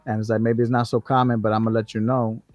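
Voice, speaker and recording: A man's voice: lowish voice, flat delivery, quick pace, darkish tone, no room sound, lo-fi sound, faint music behind. A man co-hosting a casual chat, speaking in a laid-back, slangy way and laughing easily. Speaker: co-host.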